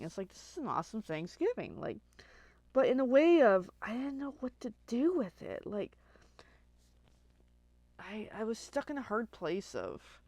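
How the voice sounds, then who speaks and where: A woman's voice: lowish voice, dry recording. A middle-aged woman telling a long casual story on her craft livestream, chatty and full of "like", acting out what she said back then. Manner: chatty, lots of "like", animated quoting of herself. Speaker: card-making livestream host.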